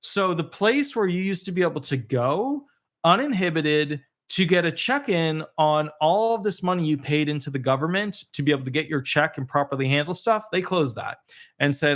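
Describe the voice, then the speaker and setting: A man's voice: a little high, expressive, normal speed, fairly bright tone. A middle-aged man, a disability attorney, explaining benefit changes in a rambling, casual way and breaking off to coo at his dog.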